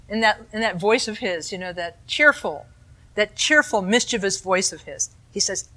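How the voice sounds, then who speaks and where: Teaching meditation in a calm dharma talk, a woman speaks at medium pitch and a moderate pace with a bright, clear voice. Her explanations are patient, with relaxed asides directed at the audience.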